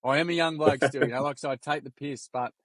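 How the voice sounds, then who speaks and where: A man in his forties tells stories in a casual interview, blunt and matey. His voice sits at an ordinary pitch and is recorded dry and close. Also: fast talker, no room sound. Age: 40s. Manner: blunt, matey, energetic storyteller. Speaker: guest, workshop founder.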